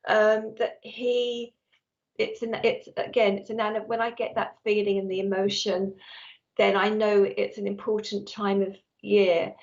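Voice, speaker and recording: A woman's voice: medium pitch, little pitch movement, unhurried, gravelly. A woman working as a psychic medium on a live stream, chatty and affectionate, reading messages from viewers. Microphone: earphones with mic. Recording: slightly dull lo-fi stream audio.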